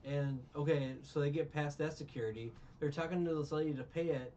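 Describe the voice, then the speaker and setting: A man's voice: a little high, fairly even intonation, fairly quick, warm tone, recorded from a distance, lo-fi sound, a little hiss or hum. A man recapping a film in casual chat, rambling and sarcastic, with many restarts. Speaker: podcast co-host recapping a film.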